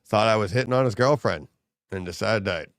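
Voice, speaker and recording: A man's voice: lowish voice, fairly quick, a bit bright, no room sound, clean studio sound. A middle-aged man hosting a livestream, telling stories in casual chat, laughing often and acting out quotes. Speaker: livestream host.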